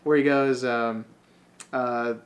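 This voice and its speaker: A man co-hosting a podcast, chatting casually about a movie, animated and quick to laugh, often trailing off mid-sentence. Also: mid-range voice, a little hiss or hum. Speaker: podcast co-host.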